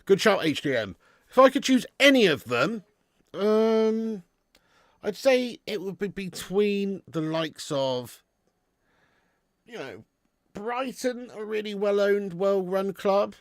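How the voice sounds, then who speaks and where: A chatty man with a fairly high voice hosting a live football stream. He reads out donations and banters with his viewers, laughing often. The sound is dry and close, with no room echo. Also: animated, slow pace.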